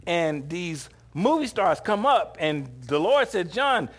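A man with a high voice preaches slowly, retelling scripture in a casual, humorous way. He laughs often and animatedly acts out short quoted lines.

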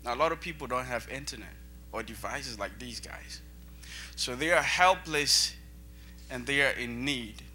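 Man, missionary guest, earnest preacherly testimony, vivid bright tone over faint music. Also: mid-range voice, lively intonation, normal speed, breathy edge. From Botswana. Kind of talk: church testimony.

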